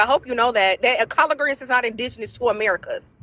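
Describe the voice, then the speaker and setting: A woman's voice: fairly high pitch, fast, pushed and bright, no echo. A woman in a heated live debate who curses freely, trades insults and repeats her points over and over. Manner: cursing, insulting, repeats phrases. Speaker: debate participant.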